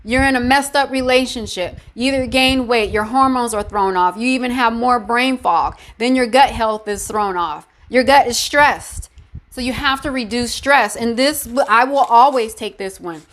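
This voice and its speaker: Woman health vlogger, pitched a touch high; encouraging, emphatic, direct-to-camera chat. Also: normal speed, fairly bright tone. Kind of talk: casual talk to camera.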